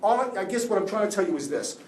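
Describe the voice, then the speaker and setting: A juvenile defense attorney, visiting as a guest speaker, addresses a class of law students with raw, impassioned rambling, stumbling and restarting as his emotions surge. His voice is a little high for a man, fast and lively in intonation, and it echoes around the room. The mic sits at a distance, and a faint hiss runs beneath him.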